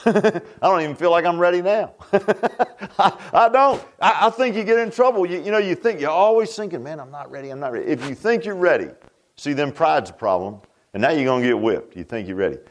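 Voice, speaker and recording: A man's voice: sits high, expressive, moderate pace. A male pastor preaching a sermon in a folksy, conversational way, asking rhetorical questions and laughing at his own jokes.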